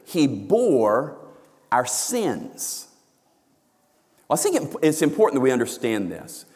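A man's voice: mid-range voice, wildly swooping pitch, slow, breathy edge. Man preaching in a reverberant hall. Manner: dramatic swings from hushed to emphatic. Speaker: pastor. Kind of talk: sermon. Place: church sanctuary. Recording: long reverb of a church hall.

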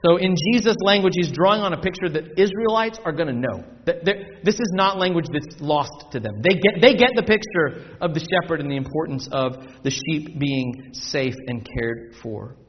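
A man's voice: on the high side, lively intonation, long reverb tail, dull audio. A man preaching a sermon, reading scripture dramatically and then explaining it in a conversational teaching manner, with repetitions and restarts. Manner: dramatic scripture reading, shifting from loud slow proclamation to soft asides. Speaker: pastor.

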